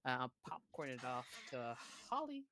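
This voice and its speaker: A man's voice: mid-range voice, sing-song, moderate pace, crowd noise. A man chatting as a tabletop game player, laid-back and playful. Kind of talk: casual chat.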